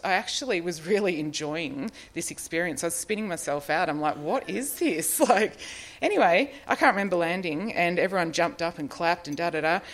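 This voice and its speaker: A middle-aged Australian woman with a low voice shares a personal recovery story. She rambles a little, leans on fillers and laughs at herself often. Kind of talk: personal testimony, casual storytelling.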